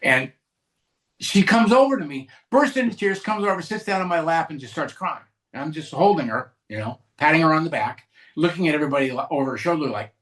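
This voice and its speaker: A man's voice: a little high, expressive, a little fast, a bit bright. A man from California sharing his recovery story at a meeting, candid and conversational, with restarts and asides. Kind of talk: personal recovery share to a live group.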